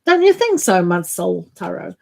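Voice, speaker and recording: A woman's voice: lowish voice, very animated, moderate pace, gravelly, darkish tone, rough recording. A middle-aged woman hosting a live tarot stream, chatting casually and greeting viewers by name with frequent laughs.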